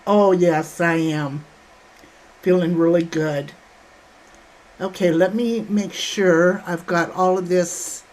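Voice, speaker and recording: A woman's voice: lowish voice, steady tone, slow, long pauses, darkish tone. A woman hosting a casual livestream from home, greeting chat viewers by name and calling them honey and sweetheart. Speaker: livestream host.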